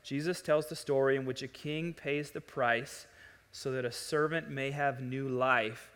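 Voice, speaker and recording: A male pastor preaching a sermon in a church, talking in an animated way and rising to loud, emphatic peaks. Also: mid-range voice, measured pace, clear, resonant tone. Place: church sanctuary. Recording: long hall reverb.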